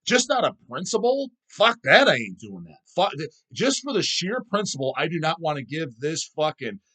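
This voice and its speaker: A man's voice: fairly high pitch, sing-song, moderate pace, sharp tone, husky. A man hosting his own video channel, ranting and swearing constantly in a mocking, scornful way. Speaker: channel host. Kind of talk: profane rant vlog.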